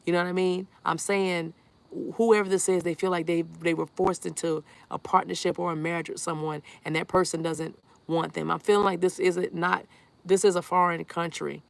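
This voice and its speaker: During a live tarot session, a woman speaks at normal speed in a lowish, creaky voice with a level tone. She talks right to her audience, voices the chat aloud, and offers reassuring affirmations again and again.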